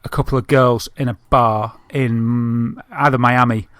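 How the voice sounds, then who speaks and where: A man's voice: medium pitch, fairly even intonation, unhurried, a bit bright, no room sound. Chatty northern English man, dry sound. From Northern England. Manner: chatty, rambling storyteller with many fillers. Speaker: podcast co-host. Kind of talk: casual chat.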